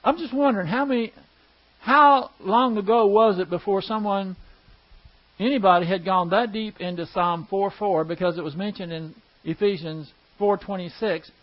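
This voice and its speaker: A man's voice: sits high, normal speed, dull audio. A man teaching a Bible class verse by verse, explaining Greek grammar step by step and asking the class questions.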